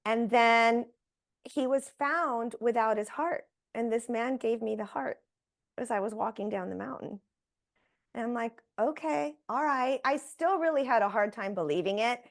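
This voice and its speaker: A woman, a guest on an interview show, telling a personal story in a lively way and acting out the voices she quotes. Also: medium pitch. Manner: animated, acts out quoted voices.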